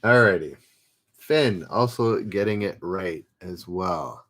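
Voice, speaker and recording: A man runs a live-streamed pub quiz in a loose, chatty way. He reads each question aloud and calls out the players who answer. His voice sits a little on the low side. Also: animated, slow pace, a bit bright. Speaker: trivia quiz host.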